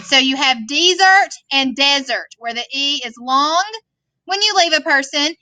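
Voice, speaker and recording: A woman's voice: sits high, measured pace, pushed and bright, no echo. A woman teaching a vocabulary lesson, patiently explaining words and checking in with "okay?". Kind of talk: classroom worksheet lesson. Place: classroom screen recording.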